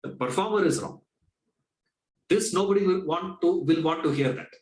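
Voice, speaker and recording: A man's voice: fairly high pitch, lively intonation, normal speed, a little mellow, roomy sound, low-quality recording. A man teaching a spiritual class, talking in a conversational way, asking rhetorical questions and acting out little dialogues. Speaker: Vedanta teacher. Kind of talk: spiritual discourse lecture.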